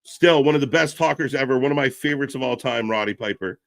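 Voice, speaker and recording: A man giving casual live commentary, reacting excitedly and chatting to viewers. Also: fast talker, gravelly. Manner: excitable, pitch jumps when reacting, chatty asides to viewers.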